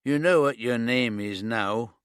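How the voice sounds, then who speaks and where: Guy doing a sneery prison top dog, slow mocking drawl, dry close sound. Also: mid-range voice, a bit bright, smooth, dry recording, lightly acted. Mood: scornful. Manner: disdainful, drawn-out taunts. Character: sour male prison top dog, scornful bully.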